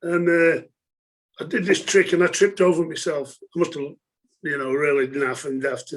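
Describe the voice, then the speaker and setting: Middle-aged bloke telling football stories, pretty high voice, chatty and laughing. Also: male voice, flat delivery, moderate pace. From England. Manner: chatty, laughing, many fillers. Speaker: former footballer, guest. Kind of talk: casual storytelling interview.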